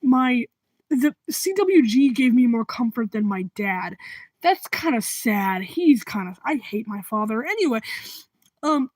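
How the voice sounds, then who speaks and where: A young woman telling a storytime vlog in a rambling way, with laughing asides and hushed whispered remarks. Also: fairly high pitch, big pitch swings, a little slow, no room sound, poor audio. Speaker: vlogger.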